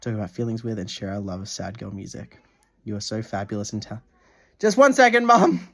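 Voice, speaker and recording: A man's voice: lowish voice, little pitch movement, fast, vocal fry, a little mellow. A young man in a casual video diary, gushing over a gift and swearing freely, stumbling as he reads a letter aloud at home. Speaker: vlogger.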